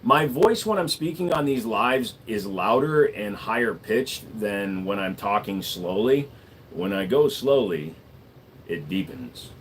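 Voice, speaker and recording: A man's voice: on the low side, expressive, slight background noise. Laid-back wisecracking man. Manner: laid-back, wisecracking, drawn-out word endings. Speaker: gunsmith and livestream host. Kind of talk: casual livestream chat answering viewers.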